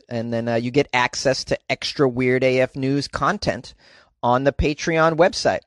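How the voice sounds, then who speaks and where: A man's voice: medium pitch, fairly even intonation, moderate pace, no room sound, studio quality. A man hosting a comedy podcast, talking in a rambling, self-deprecating way with lots of fillers. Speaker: podcast host. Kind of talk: casual comedic monologue.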